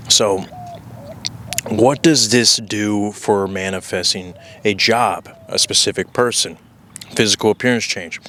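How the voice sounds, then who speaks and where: A man speaks outdoors, coaching listeners in a casual motivational monologue. His voice sits a little low yet sounds bright and forceful. He talks assertively, asking rhetorical questions and stretching out words between pauses. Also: a little hiss or hum. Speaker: self-help coach. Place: outdoors with scenery.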